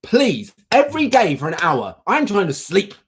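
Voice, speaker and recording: A man's voice: high-pitched, wildly swooping pitch, normal speed, breathy edge, full character voice. A man voicing his grumpy sleepy pet. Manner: grumbling, pleading for quiet. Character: sleepy grumpy pet just woken from a nap.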